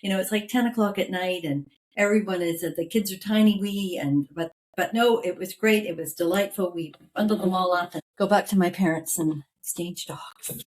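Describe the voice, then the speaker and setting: Woman telling a lively story. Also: lowish voice, moderate pace. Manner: animated anecdote telling, acting out family members' lines. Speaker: podcast guest. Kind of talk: storytelling in an interview.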